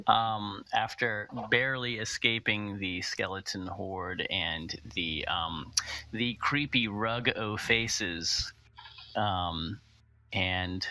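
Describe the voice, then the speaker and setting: A man narrating a tabletop game as game master, hesitant with many pauses and fillers. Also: deep voice, creaky, bright, forceful tone.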